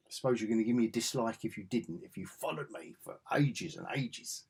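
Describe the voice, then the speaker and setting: A man's voice: on the low side, expressive, brisk, darkish tone, husky. A middle-aged man vlogging a casual, rambling comic book review in a chatty, self-interrupting way.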